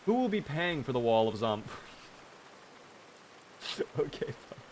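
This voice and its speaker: A man's voice: medium pitch, big pitch swings, slow, darkish tone, slight background noise. A man streaming a game live, chatting casually, teasing his character and answering his chat.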